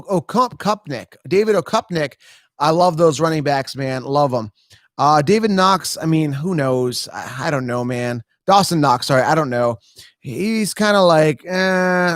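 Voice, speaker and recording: A man's voice: fairly high pitch, no echo, clean studio sound. A man hosting a live fantasy football Q&A stream, talking energetically and hyping up his viewers. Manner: energetic, fast, hypes listeners up. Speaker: fantasy football advice host.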